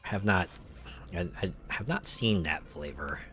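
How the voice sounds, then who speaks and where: A man's voice: low-pitched, lively intonation, unhurried. Rambling man streaming a racing game. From United States. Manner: chatty, rambling, many fillers. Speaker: VTuber streamer. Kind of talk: casual chat while gaming. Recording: loud racing game music and engine noise behind. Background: game music and race car sounds.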